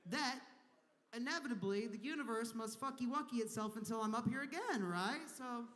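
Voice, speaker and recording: A man's voice: very high voice, normal speed, bright, forceful tone. A man from Kentucky doing a crude, rambling stand-up set on a convention stage, slipping into voices for the people he talks about. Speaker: stand-up comedian. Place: large convention hall stage. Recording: long hall reverb.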